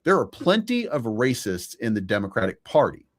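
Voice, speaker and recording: A man's voice: mid-range voice, big pitch swings, moderate pace. A man co-hosting a live stream, giving his opinions in a casual political debate, with frequent restarts. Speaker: stream co-host.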